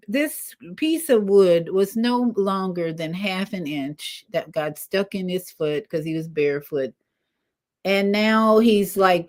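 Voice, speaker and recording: An older woman hosting a casual spiritual livestream, rambling with animated asides. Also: on the low side. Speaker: livestream host.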